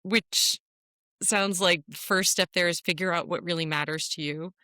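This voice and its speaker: A woman co-hosting a casual podcast, talking in an animated, playful way and laughing easily. Her voice is bright and forward, recorded close and dry. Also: on the low side, measured pace, dry recording. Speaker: podcast co-host. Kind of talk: casual chat.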